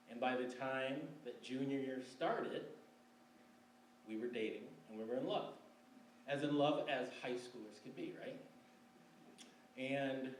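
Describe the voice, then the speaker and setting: A man in his forties from Michigan tells a personal story on stage in a relaxed, wry way, often laughing. He is picked up from a distance in an echoey room, with faint room noise behind him. His voice sits at a middle pitch. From Michigan, USA. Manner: wry, conversational, laughs between lines. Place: library event room before an audience. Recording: roomy live recording from a distance.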